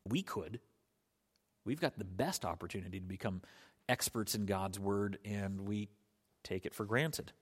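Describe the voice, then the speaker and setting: A man's voice: lowish voice, measured pace, pauses often, slightly rough. A man preaching a sermon earnestly, with frequent restarts and emphatic rises in his voice. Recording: long hall reverb.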